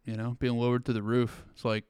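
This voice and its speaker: A man, a priest hosting the talk, thinking aloud in an animated way with many fillers. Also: mid-range voice, fast, clean tone, no echo, clean studio sound. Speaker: priest, host. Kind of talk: conversational interview.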